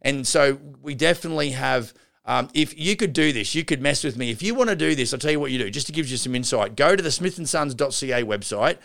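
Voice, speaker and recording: A man's voice: medium pitch, lively intonation, quick pace, creaky, fairly bright tone. A man hosting a show and coaching contractors in a casual, rambling way, often restarting sentences and calling listeners guys and gals. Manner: rambling, with frequent restarts and asides. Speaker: podcast host and renovation business coach. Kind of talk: casual instructional talk.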